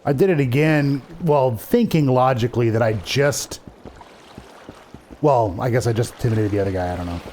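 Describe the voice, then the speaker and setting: A man's voice: mid-range voice, normal speed, a little mellow, slight background noise. A man playing a game and commenting casually, thinking aloud in a rambling way. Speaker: let's play co-host.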